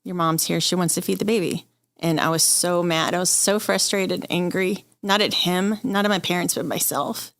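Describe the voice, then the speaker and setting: Low-pitched woman, 40s, candid guest, quotes people she talks to, dry sound. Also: normal speed, gravelly, a bit bright, dry recording. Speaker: interview guest. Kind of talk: emotional personal story.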